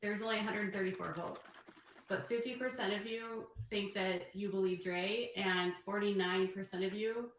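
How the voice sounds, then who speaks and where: A woman's voice: medium pitch, fairly even intonation, moderate pace. Chatty woman on a roomy livestream. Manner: chatty, counting off numbers. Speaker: livestreamer running a poll. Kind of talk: casual livestream chat. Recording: roomy livestream audio with faint noise.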